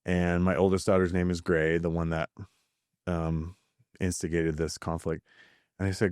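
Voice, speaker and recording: A man in his thirties hosting a podcast, talking in an earnest, halting way with fillers and restarts. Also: sits low, fairly even intonation, a little mellow, smooth, dry recording, studio quality. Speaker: podcast host. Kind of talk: reflective podcast monologue.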